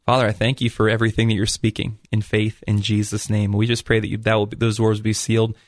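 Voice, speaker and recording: A man's voice: lowish voice, completely flat delivery, fast, no room sound, clean studio sound. Earnest man sharing a faith story. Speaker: radio show co-host. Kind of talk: testimony and prayer.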